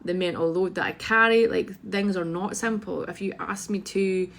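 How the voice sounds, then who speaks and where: A woman's voice: lowish voice, normal speed, a bit bright. A Scottish woman, a mother, talking frankly to camera in a casual rant, blunt and full of swearing. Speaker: mother vlogging about parenting.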